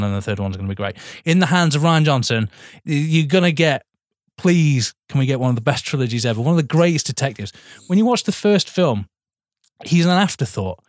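A medium-pitched man co-hosts a podcast, chatting casually and eagerly about films. He swears and keeps saying "mate" to his friend. The recording is dry and studio quality.

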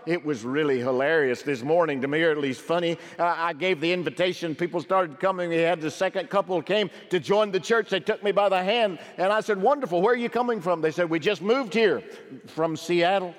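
A middle-aged male pastor preaching a sermon, swinging from emphatic calls to quiet, low asides. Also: fairly quick. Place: large church sanctuary. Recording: long hall reverb.

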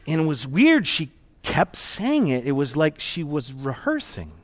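A man's voice: medium pitch, sing-song, moderate pace. Earnest conversational male pastor. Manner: conversational, earnest, reflective storytelling. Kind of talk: sermon.

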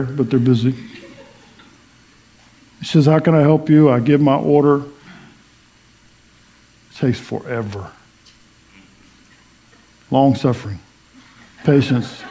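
Middle-aged male pastor, mellow, slightly high voice, folksy storytelling sermon. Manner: folksy storytelling with asides to the congregation.

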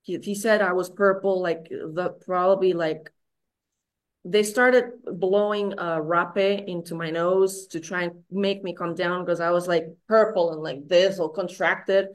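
Candid woman with a low voice. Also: fairly even intonation, unhurried. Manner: raw, frank, swearing, many fillers and restarts. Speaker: podcast guest. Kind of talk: candid personal storytelling.

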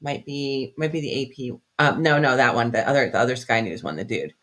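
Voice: mid-range voice, brisk, a bit bright. A podcast co-host talking casually about protests and asking for a clip to be played. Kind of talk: casual chat.

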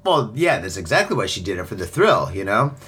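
A man hosting a casual podcast, telling stories in a loud, profane, animated way and acting out other people's voices. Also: on the low side, fairly quick, slightly rough, faint music behind. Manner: profane, animated storyteller who acts out voices. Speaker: podcast host. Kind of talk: casual chat.

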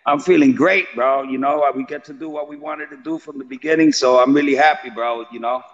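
A man's voice: a little high, steady tone, brisk, big-room sound, lo-fi sound. A man who trains a boxer, speaking brashly and confidently in a casual interview, swearing and calling the host "bro.". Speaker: boxing trainer and father of a fighter.

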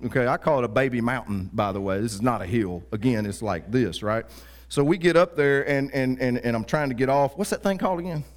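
A pastor telling a funny personal story in a sermon, with lively asides to the congregation. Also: male voice, medium pitch, fairly quick. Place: church.

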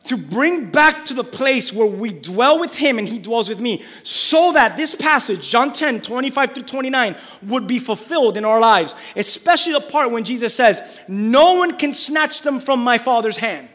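A man preaching a sermon as pastor, fervent and repetitive, building up to shouting. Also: extremely high pitch, lively intonation, moderate pace, few pauses, in a large hall. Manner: fervent, repeats phrases for emphasis, builds to shouting.

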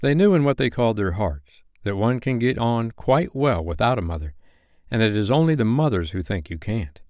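Casting: male storyteller, bedtime reading, lively voice, close and dry. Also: mid-range voice, a little fast, dry recording.

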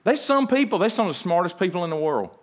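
A male preacher with a fairly high voice, delivering a sermon. He tells stories in a folksy, animated way. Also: quick pace. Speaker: pastor.

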